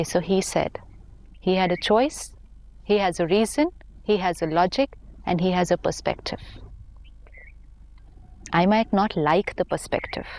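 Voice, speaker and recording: A woman on a talk show, calmly explaining spiritual ideas with everyday examples. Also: lowish voice. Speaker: spiritual teacher.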